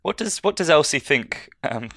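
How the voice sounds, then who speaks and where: Brief: male co-host, bright voice, dry close sound, wisecracking banter. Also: a little high, lively intonation, normal speed, gravelly, no room sound. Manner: wisecracking, pun-making. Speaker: podcast co-host. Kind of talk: casual chat.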